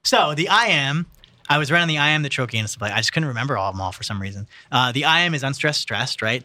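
Lively, bright-voiced man explaining. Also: medium pitch, fast talker, dry recording. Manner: explains poetic meter, loose and profane, laughing. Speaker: podcast host. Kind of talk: casual podcast chat.

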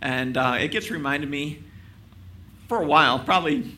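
A man's voice: on the high side, moderate pace, sharp tone. A male pastor preaching a sermon in a casual, conversational way. He makes self-deprecating jokes and keeps asking his listeners rhetorical questions.

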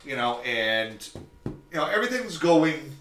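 A man's voice: mid-range voice, sing-song, a little slow, a bit bright, far from the mic, slight background noise. Man, tattoo artist, casual podcast story, profane, acts out quotes, set back from the mic, echoey room.

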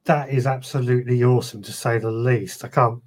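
A man's voice: medium pitch, little pitch movement, fairly quick. A man, co-hosting a podcast in casual, enthusiastic chat. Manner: enthusiastic, agreeable. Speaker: podcast co-host.

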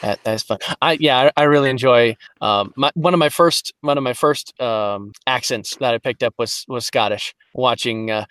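A man's voice: medium pitch, a bit bright, clear, resonant tone, no room sound. An American man who works as a voiceover actor, chatting in an interview with frequent restarts and fillers. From United States. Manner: halting, many restarts and fillers, laughs easily. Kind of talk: casual interview chat.

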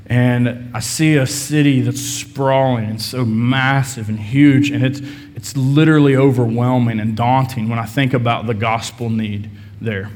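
A man preaching a sermon, telling a self-deprecating story before turning to scripture. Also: mid-range voice. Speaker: pastor. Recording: long reverb of a large hall.

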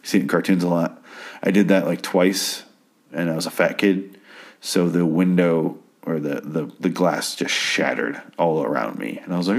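A man casually recapping a TV episode, rambling and swearing as he acts out the characters' lines. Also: low-pitched.

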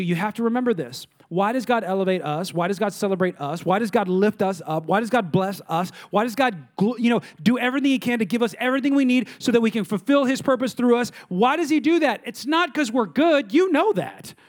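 High-voiced man preaching a lively sermon. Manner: animated preaching, rhetorical questions, mimicking complainers. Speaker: pastor.

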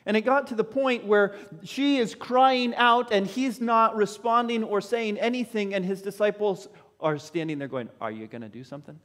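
A man preaches a sermon in a church hall, acting out the voices of Bible figures, and the large space adds a long echo. His voice is high and a bit bright, at a moderate pace.

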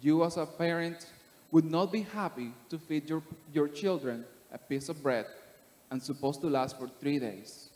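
A man from Panama, giving a steady, earnest personal testimony to a church congregation. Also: on the high side, normal speed. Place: church sanctuary. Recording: long reverb of a church hall.

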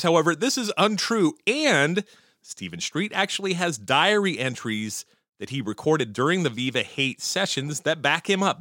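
A man talking in a casual, opinionated monologue about music history, swearing often and jumping up in pitch whenever he gets excited. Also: no echo, clean studio sound. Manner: profane, opinionated and animated, with frequent swearing; pitch jumps high when excited.

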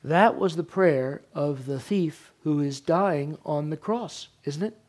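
A male pastor delivering a sermon, moving from quiet, hushed passages to loud, emphatic ones. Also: a little high, slow.

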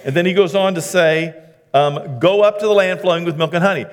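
A male pastor preaching a conversational sermon, acting out the quoted speech with lively emphasis. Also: high-pitched, brisk. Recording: hall reverb.

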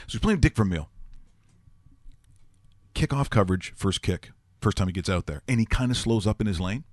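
A man's voice: fairly low pitch, no echo, studio quality. A man hosting a sports talk show, telling rambling jokey stories in casual banter. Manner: rambling, joking, animated storytelling.

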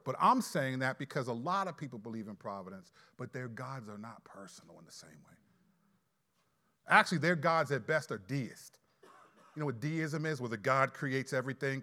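A man preaching a sermon, emphatic, with sudden loud stresses and slowed key phrases. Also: mid-range voice.

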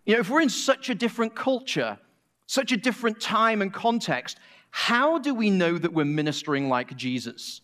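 A man's voice: high-pitched, big pitch swings, brisk, a bit bright. A middle-aged man from England with a Manchester accent, preaching a sermon in a conversational, joking way. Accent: Manchester English. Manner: conversational and joking, with a few restarts.

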